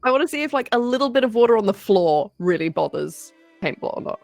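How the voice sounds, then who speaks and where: A woman's voice: a little high, lively intonation, quick pace, creaky, darkish tone, dry recording, soft background music. A woman playing a tabletop game, chatting in a playful way. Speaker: player. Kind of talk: casual tabletop play.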